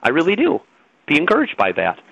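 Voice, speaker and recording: A man's voice: fairly high pitch, wildly swooping pitch, brisk, creaky, breathy edge, dry recording, highs cut off. A middle-aged man, a guest on a radio talk show, lecturing in a preachy, insistent way.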